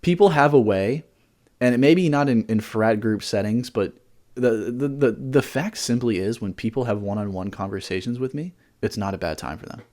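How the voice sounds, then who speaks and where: A man's voice: mid-range voice, normal speed, a little mellow. A young man co-hosting a podcast, chatting casually in a rambling way, often repeating words and swearing freely. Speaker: podcast co-host.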